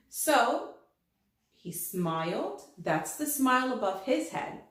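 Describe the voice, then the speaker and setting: A medium-pitched woman takes her time teaching children to read, framing the lesson as a story and animatedly acting out the letters' lines. Her voice is drenched in heavy reverb.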